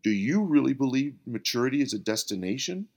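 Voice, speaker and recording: A man voicing Jesus as a calm, patient mentor who asks gentle, probing questions. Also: mid-range voice, a little fast, voice pushed up.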